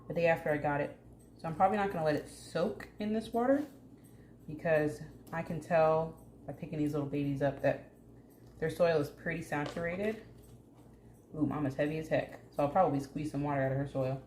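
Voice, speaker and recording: Woman, low voice, casual plant vlog chat, jokey, echoey room, faint hum. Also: darkish tone. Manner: chatty, jokey, talks to plants. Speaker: plant care vlogger.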